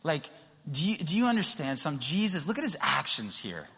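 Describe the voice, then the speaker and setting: A man's voice: a little high, sing-song, moderate pace, vocal fry. Earnest male preacher in a reverberant hall. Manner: earnest, builds to emphatic passion, drops to soft whispers. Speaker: pastor. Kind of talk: sermon.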